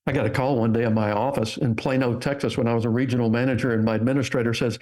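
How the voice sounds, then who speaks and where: An older man guests on a podcast and tells stories with lively energy. His voice sits in an average range, and he acts out the voices of the people in his stories. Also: mid-range voice, very fast, few pauses. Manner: animated storyteller, acts out quotes. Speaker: guest author. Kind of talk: interview storytelling.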